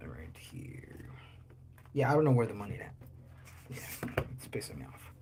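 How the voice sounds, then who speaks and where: A man's voice: fairly low pitch, big pitch swings, normal speed, pauses often, a little mellow, a little hiss or hum. A man talking loosely on a livestream, joking and cursing as he answers chat. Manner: loose and joking, curses a lot, chats with viewers.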